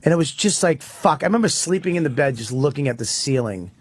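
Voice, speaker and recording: A man's voice: on the high side, lively intonation, fast talker. A man, a comedian, telling a profane ranting story in casual radio talk. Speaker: comedian guest.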